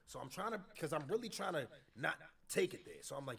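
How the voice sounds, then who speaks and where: A man telling a story in casual chat on a gaming stream, animated and profane, full of street slang, acting out what people said. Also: a little high, fast, vocal fry, few pauses, distant mic, crowd noise.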